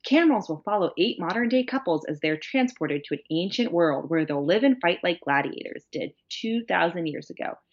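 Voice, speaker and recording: A woman's voice: fairly low pitch, expressive, moderate pace, few pauses. A woman co-hosting a podcast, telling a funny story with lots of fillers and laughs. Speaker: podcast co-host. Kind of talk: casual chat. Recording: dull lo-fi sound.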